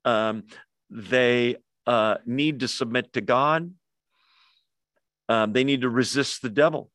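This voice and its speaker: A man of middle pitch leads a Bible study in an easy, conversational way. He pauses, uses fillers and drops quick asides to his group. The sound is dry and close. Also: fairly bright tone, no echo.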